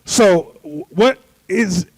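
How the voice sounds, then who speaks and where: A man, a shop steward, asking the panel a question into a handheld microphone, halting and earnest with formal phrasing. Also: high voice, lively intonation, slightly rough, no room sound. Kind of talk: audience question at a live event.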